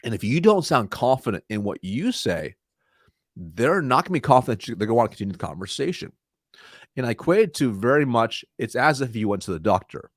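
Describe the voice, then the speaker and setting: A man answering interview questions about sales calls, energetic, acting out timid and confident voices. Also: fairly quick, no room sound, clean studio sound. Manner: energetic, demonstrates weak and confident tones by shifting his pitch. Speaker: sales consultant, guest.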